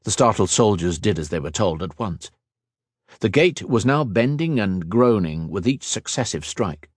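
A man narrating a fantasy audiobook in a measured, expressive way. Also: on the low side, no room sound, clean studio sound.

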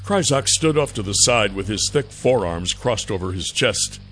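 A man narrating a first-person fantasy audiobook in a measured way. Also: fairly low pitch, expressive, fairly bright tone.

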